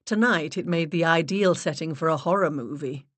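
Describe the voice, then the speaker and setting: A woman narrating a mystery audiobook in the first person, expressive storytelling. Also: low-pitched, normal speed, no room sound. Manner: expressive storytelling with varied character voices.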